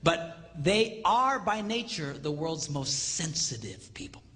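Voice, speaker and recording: Animated high-pitched male lecturer. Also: takes it slowly. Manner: animated, acts out quoted voices for laughs. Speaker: seminar speaker. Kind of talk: live comedic lecture. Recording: reverberant hall with faint noise.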